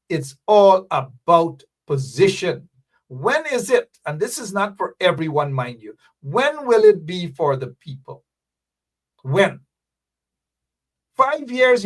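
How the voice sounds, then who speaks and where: A man's voice: on the high side, a bit bright, distant mic. A man with a Guyanese accent hosting a political commentary show, ranting and scolding with rhetorical questions. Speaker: host.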